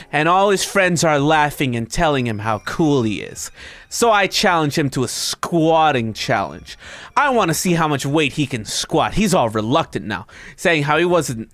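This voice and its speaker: A male streamer reading an internet story aloud to his chat, breaking off into high, disbelieving comments. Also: dry recording. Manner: animated, breaks into high-pitched disbelieving asides.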